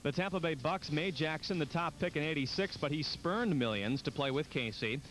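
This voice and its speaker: A man reading sports headlines as a news anchor, crisp and formal. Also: on the high side, normal speed, a bit bright, slight background noise, low-quality recording. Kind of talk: news read. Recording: news read over music. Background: music.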